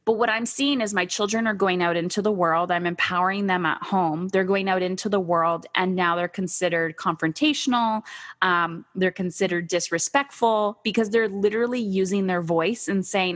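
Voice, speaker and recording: A woman hosting a podcast interview, telling stories and acting out herself and her kids in a lively, casual way. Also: medium pitch, normal speed. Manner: animated storytelling, acts out her kids and herself. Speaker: podcast host.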